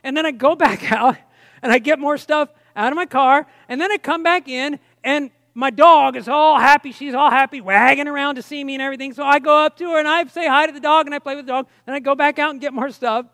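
A man's voice: very high voice, a little fast, pushed and bright, dry recording, studio quality. A man preaching a personal testimony sermon, telling the story with strong emotion and frequent restarts.

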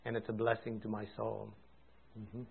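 An older man preaching a storytelling sermon, swinging from loud and excited to soft and hushed. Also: on the low side, moderate pace, creaky, slightly rough. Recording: tinny phone-like sound.

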